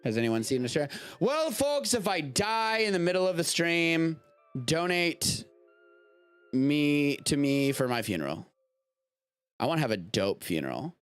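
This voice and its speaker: A man's voice: a little high, lively intonation, a little slow, a bit bright, clear, resonant tone, soft background music. A man hosting a live-streamed show from home, chatting casually about the news in a rambling, self-interrupting way with casual swearing.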